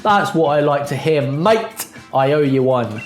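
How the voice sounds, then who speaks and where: A man puts on a boisterous, youthful video game father who can't stand waiting. He talks loud and blokey, pitched a touch higher than plain speech, in a roomy, echoing room with faint music under him. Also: lively intonation, unhurried. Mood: eager. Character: loud energetic youthful middle-aged father.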